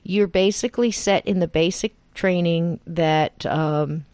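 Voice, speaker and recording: A woman from New Jersey hosts a podcast in a chatty, easy way, her accent Jersey with a Southern edge. Her voice sits a little low, and the sound is dry and close. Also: a little slow, no echo. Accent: New Jersey with a Southern tinge. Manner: warm, chatty, laughs often. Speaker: podcast host. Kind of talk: casual interview chat. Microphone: remote call.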